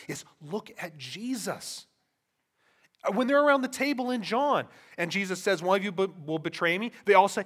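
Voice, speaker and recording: A man preaching in a church with a notably high voice. He moves between hushed reflection and loud emphasis, often checking in with rhetorical questions and relaxed asides. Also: normal speed. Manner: impassioned, swings from soft to loud emphasis. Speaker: pastor. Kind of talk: sermon.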